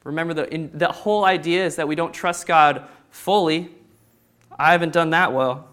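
A man preaching a sermon, acting out the people of the story with sudden loud bursts. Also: fairly high pitch, fairly even intonation, moderate pace, clean tone. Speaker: pastor.

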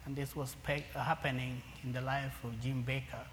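A man's voice: mid-range voice, little pitch movement, moderate pace. Man preaching in an echoing hall. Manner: swings from loud emphatic lines to near-whispers. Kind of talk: sermon. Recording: long hall reverb, faint room noise.

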